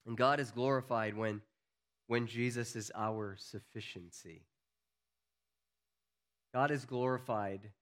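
A man preaching a sermon as pastor, earnest, building to emphatic peaks and then dropping low and quiet. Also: steady tone, slow pace, pauses often.

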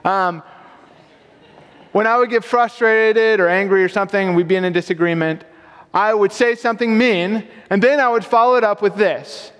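Conversational young pastor in a reverberant hall. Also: male voice, high-pitched, normal speed, fairly bright tone, clear, resonant tone. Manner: casual, conversational, self-deprecating humor. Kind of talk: sermon.

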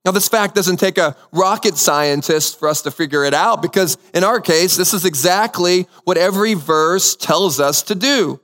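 A man's voice: high-pitched, moderate pace, few pauses, fairly bright tone, long reverb tail. A man preaching a sermon as pastor, telling a story and repeating key phrases for emphasis. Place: church sanctuary.

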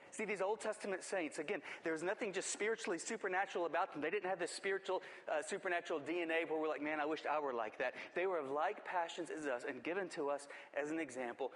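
A man's voice: a little high, big-room sound. A man preaching a sermon with impassioned, repetitive emphasis that builds in force. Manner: impassioned, repetitive emphasis, rising to near shouting.

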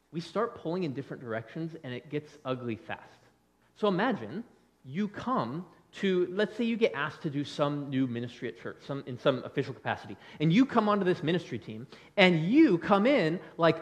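A male pastor preaching a conversational sermon, acting out quick bits of dialogue as he goes. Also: fairly high pitch. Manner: animated, conversational preaching with quick acted-out quotes.

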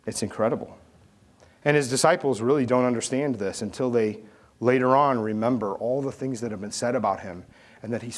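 A man preaching a sermon, telling stories with animated swings from loud calls to hushed asides. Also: medium pitch. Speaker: pastor.

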